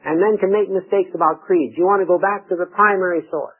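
A man's voice: high-pitched, fairly even intonation, a little fast, slightly rough, narrow, tinny audio. A man giving a conversational Bible lecture on church history, asking rhetorical questions and often restarting his sentences. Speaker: Bible teacher.

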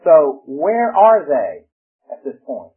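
A man's voice: a little high, big pitch swings, slow pace. Man preaching over tinny radio. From Georgia, USA. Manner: folksy, asks questions and answers them. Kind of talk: sermon Bible study.

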